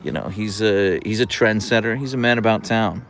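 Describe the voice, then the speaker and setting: A man's voice: fairly low pitch, moderate pace, fairly bright tone, slight background noise. A man hosting a casual livestream from an outdoor deck, chatting and answering viewer comments into a camera on a tripod. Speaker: livestream host.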